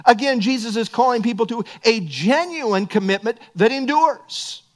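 A man's voice: extremely high pitch, normal speed. A middle-aged man preaching a sermon as pastor, earnest and building to emphatic bursts.

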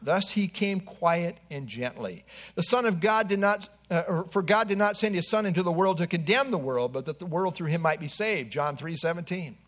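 A man's voice: high voice, expressive, normal speed, fairly bright tone. A man preaching an earnest expository sermon with asides to the congregation.

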